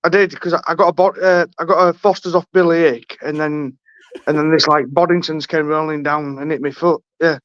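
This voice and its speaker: A man's voice: fairly high pitch, steady tone, brisk, fairly bright tone, no room sound. Man, friend of the host, flustered and backpedalling, dull dry audio. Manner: flustered, backtracking. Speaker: guest friend. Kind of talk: casual chat.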